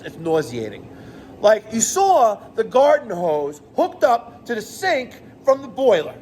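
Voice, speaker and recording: A middle-aged man, a plumbing business owner ranting to the camera in an animated, profane, exasperated way. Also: very high voice, a little hiss or hum. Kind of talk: rant vlog to camera.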